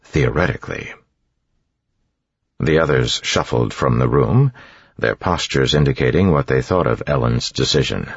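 A man narrates an audiobook in a very deep, husky voice. His reading is steady and even. The recording is dry and slightly muffled. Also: normal speed, no room sound.

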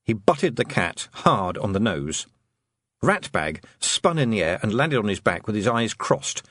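Male audiobook narrator, husky, animated delivery, dry booth. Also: on the low side, measured pace, no echo. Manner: lively, expressive storytelling.

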